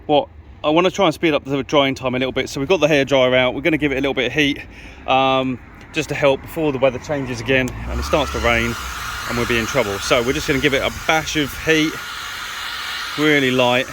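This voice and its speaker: A man's voice: mid-range voice, fairly even intonation, a little fast. A British man with an easygoing manner, giving casual commentary while he works on a car outdoors on a windy day. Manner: easygoing, thinks aloud with fillers. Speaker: car restoration vlogger.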